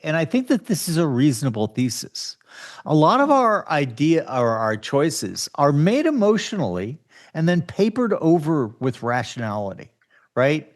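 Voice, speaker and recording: A man hosting a podcast in animated, casual conversation, laughing often. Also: a little high, normal speed. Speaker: podcast host.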